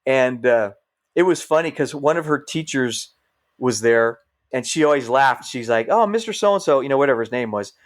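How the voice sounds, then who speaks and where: With a medium-pitched voice at normal speed, a middle-aged podcast guest who is a firefighter tells casual stories. He's animated throughout and acts out the things other people said.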